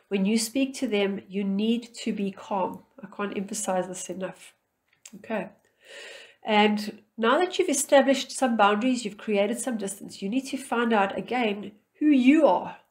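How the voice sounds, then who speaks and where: A middle-aged woman coaching viewers on relationships, speaking in a firm, calm, instructive way and acting out short bits of dialogue. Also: medium pitch. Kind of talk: advice talk to camera.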